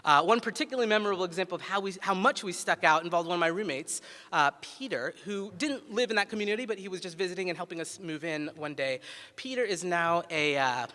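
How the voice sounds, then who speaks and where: Guy in his 40s giving a ceremony speech, kinda high bright voice, lots of uh's, hall echo. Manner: conversational and humorous, frequent "uh" fillers. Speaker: city public health director and pediatrician giving a ceremony address. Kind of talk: ceremony speech with personal storytelling. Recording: echoey hall reverb.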